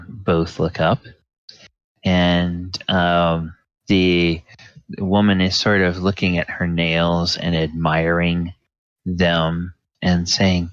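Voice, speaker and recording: A man narrating as game master of a tabletop game, unhurried and full of fillers. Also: deep voice, no echo, highs cut off.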